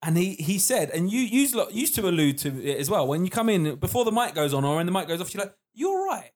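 A man co-hosting a podcast in a studio, teasing the others, laughing often, with a low-key flat delivery. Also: fast talker. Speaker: podcast co-host. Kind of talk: casual banter.

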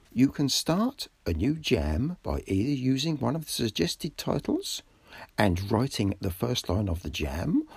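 A woman reading announcements and an app review for a small radio show, slowly and deliberately. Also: very deep voice, creaky, a little mellow, breathy edge, no room sound. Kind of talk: scripted announcing over music. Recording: music bed behind voice.

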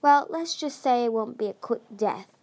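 A woman's voice: fairly high pitch, expressive, moderate pace, darkish tone. A woman reading aloud, voicing a regal, emotional sea dragon queen who dotes on her daughters and threatens her enemies. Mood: menacing. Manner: gushing, doting, then menacing.

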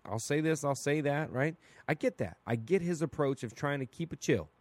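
A man hosting a solo podcast, talking through his opinions in a casual, blunt and animated way, asking "right?" again and again. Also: a little high, normal speed, no echo. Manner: casual and blunt, with mild swearing. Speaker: podcast host.

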